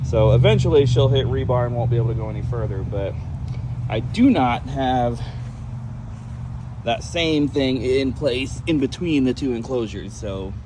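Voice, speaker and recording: A man filming a casual outdoor vlog as a reptile keeper, chatting in a relaxed way and talking fondly to his tortoises. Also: medium pitch, background noise. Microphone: camera set on ground.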